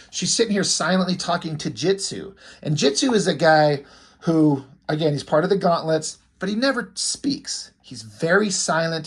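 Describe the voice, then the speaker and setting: Man, casual rambling story recap, husky, slightly high voice. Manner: rambling, loose. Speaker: fan comic creator.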